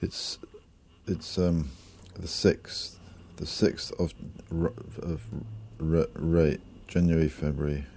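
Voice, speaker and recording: A man recording a spoken audio diary, slow and halting as he struggles for words. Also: very deep voice, flat delivery, mellow, a little hiss or hum.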